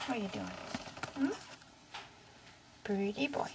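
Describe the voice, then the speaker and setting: A woman filming her pet bird at home, coaxing it to talk in gentle sing-song baby talk. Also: on the high side, animated, a little slow, noisy background. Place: quiet home. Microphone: handheld camera.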